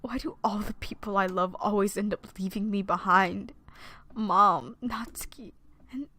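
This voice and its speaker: A shy, troubled teenage girl from a visual novel murmurs her inner thoughts in a hushed near-whisper, as a woman reads her lines. The tone is bright and clear, steady and low-key rather than theatrical. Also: measured pace. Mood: sorrowful. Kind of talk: reading game text aloud.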